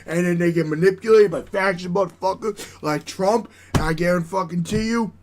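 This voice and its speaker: A man from the United States ranting angrily to camera as a vlogger, shouting and swearing heavily into his own recording setup. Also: sits high, normal speed, background noise. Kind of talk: angry profane rant to camera. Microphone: own recording setup with adjustable gain.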